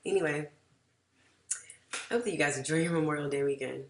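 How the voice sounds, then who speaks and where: With a deep voice and a quick pace, a woman vlogger tells a storytime frankly and ramblingly, full of swearing and frequent "like"s. A slight hiss or hum runs under her voice, and a far-off mic gives the sound a roomy echo.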